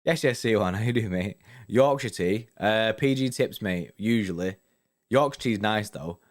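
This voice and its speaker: This football fan channel host is a young man whose voice sits on the low side, moving at a moderate pace. He reads viewers' comments aloud on his casual live stream and keeps up relaxed, chatty banter full of "mate" and "innit."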